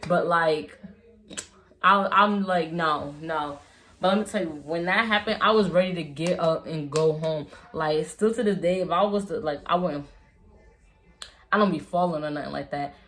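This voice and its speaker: A woman's voice: on the low side, moderate pace, a bit bright. A young woman vlogger telling a casual storytime, rambling with slang and lots of fillers and restarts.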